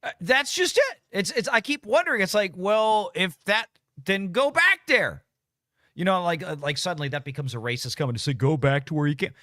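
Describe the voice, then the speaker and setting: A man hosting a live political talk show who talks casually and rambles through his points, often restarting his sentences. His pitch moves in a lively way. His tone is bright, and the sound is dry and close. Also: normal speed, no room sound. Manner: rambling, frequent restarts, laughs easily.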